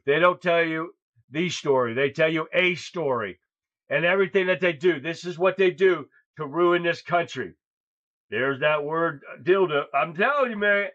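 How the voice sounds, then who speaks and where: A man's voice: on the high side, fairly bright tone. A man hosting a political livestream, talking in a blunt, crude, rambling way. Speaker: host. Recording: dull lo-fi sound.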